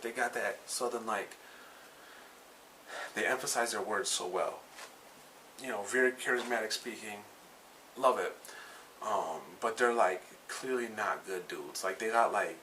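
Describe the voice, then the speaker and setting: A man with a lowish but bright, forceful voice recaps anime episodes in a loose, rambling way. He swears freely and backtracks to fix his own details. He sits a bit back from the mic, and faint noise hums underneath. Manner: rambling and profane, with many fillers and self-corrections. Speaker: anime reviewer. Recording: slightly distant mic with faint background noise.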